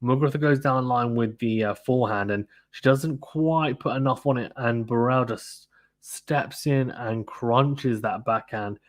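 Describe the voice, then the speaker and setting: A man's voice: medium pitch, unhurried. Chatty man calling tennis play-by-play. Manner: chatty, reads viewer comments, fillers like "to be honest with you". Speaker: live stream tennis commentator. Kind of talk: play-by-play commentary.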